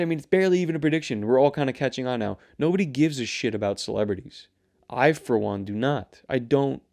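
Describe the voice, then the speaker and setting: A young male host talks off the cuff, rambling and swearing as he rants about whatever is on his mind. His voice is gravelly with fry, set at a middle pitch. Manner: rambling, profane, animated ranting. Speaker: show host. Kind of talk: casual solo commentary.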